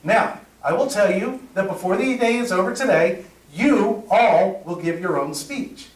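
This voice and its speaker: A middle-aged man with a fairly high voice runs a live training workshop. He tells lively stories and acts out the dialogue for his audience. The sound is roomy and picked up from a distance. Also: a little slow. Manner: energetic storyteller, acts out dialogue, laughs at own jokes. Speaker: presentation skills trainer. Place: meeting room with audience.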